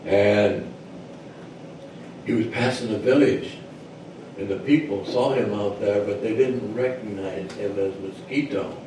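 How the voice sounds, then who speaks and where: A man's voice: lowish voice, big pitch swings, slow, slight background noise. A man speaking at a church service and telling an old legend in a folksy, digressive way. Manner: folksy and digressive, many uh fillers. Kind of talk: sermon storytelling. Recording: very echoey church hall, mic far off.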